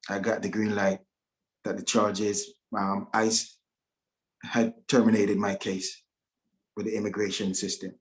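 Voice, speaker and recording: Brief: middle-aged man with a lowish voice, telling his own story haltingly and emotionally on a video call. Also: level tone. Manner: emotional, halting, with many restarts. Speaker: guest speaker at a virtual event. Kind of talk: personal testimony.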